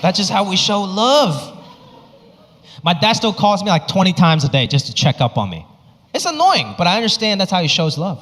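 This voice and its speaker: On a comedy club stage, a male stand-up comedian performs his set into a handheld mic with a high-sitting voice at a moderate pace. He is animated and acts out voices, and the club sounds echoey with a faint crowd.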